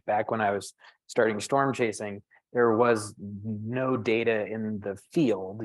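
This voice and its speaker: A man's voice: on the low side, no room sound, low-quality recording. Dry-voiced middle-aged man, thoughtful and wry. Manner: thoughtful, self-deprecating, with frequent restarts. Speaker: physician and storm chaser. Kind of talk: panel discussion talk.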